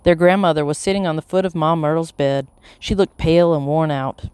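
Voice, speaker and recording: An audiobook narrator reading a children's chapter book in a steady, even voice. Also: mid-range voice, a little fast, smooth, dry recording. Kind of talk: scripted storybook narration.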